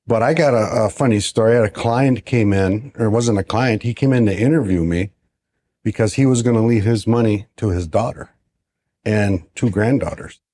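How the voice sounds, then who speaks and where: Male advisor, mellow, warm tone, relaxed anecdote teller on a podcast. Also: lowish voice, normal speed. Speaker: financial advisor. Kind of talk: casual podcast storytelling.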